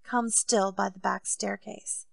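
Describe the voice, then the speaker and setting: A woman reading aloud voices a proud, excitable male king, asking eager questions and giving orders. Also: mid-range voice, slow, vocal fry, no echo, exaggerated voice. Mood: commanding.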